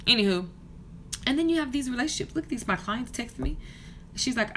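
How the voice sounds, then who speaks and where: A woman's voice: sits high, animated, a little fast, pauses often, pushed and bright, slight background noise. A woman in her thirties, a hair stylist and business coach, rants passionately and casually to camera in a hotel room. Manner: passionate, fired-up ranting. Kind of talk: casual vlog rant to camera.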